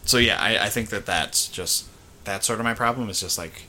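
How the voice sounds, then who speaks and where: Young dude on a podcast, low deep voice, kinda bright, blunt and swears a lot, bit of hiss. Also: male voice, moderate pace. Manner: blunt, swears casually, hesitant restarts. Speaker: podcast co-host. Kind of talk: casual chat.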